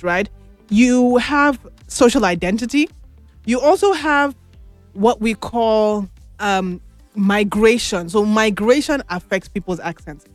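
A woman hosting a radio talk show, chatty and animated, laughing often and asking questions. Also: on the high side, dry recording. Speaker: radio host. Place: radio studio.

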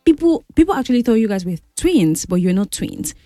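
Animated woman telling a story. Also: on the high side, fairly quick, no echo, studio quality. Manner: animated, dramatic, chatty. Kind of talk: casual storytelling to camera.

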